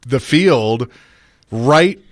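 A man hosting a sports radio show, relaxed and humble in casual chat. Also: medium pitch, extremely slow, no echo, clean studio sound.

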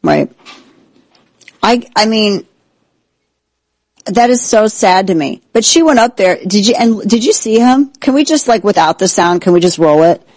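A woman's voice: medium pitch, lively intonation, normal speed, pauses often, darkish tone, dry recording, rough recording. A woman hosting a political talk show, delivering indignant, sarcastic commentary.

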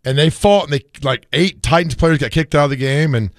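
Hoarse sports radio host, man, slightly raised voice, dry studio sound, rambling and self-mocking. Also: a little high, fairly quick, no room sound. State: hoarse from screaming. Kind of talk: casual sports talk.

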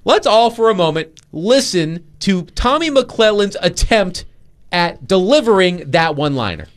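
Animated, lively-voiced male sports host. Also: sits high, measured pace. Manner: animated, mock-incredulous. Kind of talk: casual sports talk.

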